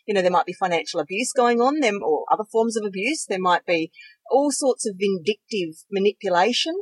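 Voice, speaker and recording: Woman, middle-aged, podcast co-host, fast talker, frank, dry sound. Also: medium pitch, slightly rough, dry recording, poor audio. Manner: brisk, lively, frank. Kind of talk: conversational podcast chat.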